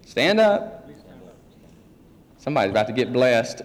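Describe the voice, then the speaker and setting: Man, pastor, folksy and joking, animated pitch, long church reverb. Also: normal speed. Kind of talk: sermon teaching. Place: church sanctuary.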